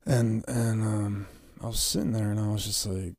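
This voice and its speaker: A man's voice: on the low side, fairly even intonation, normal speed, hardly any pauses, a little mellow, dry recording. A man co-hosting a podcast, telling a story casually and bluntly, with heavy swearing. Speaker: podcast co-host. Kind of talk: casual candid chat.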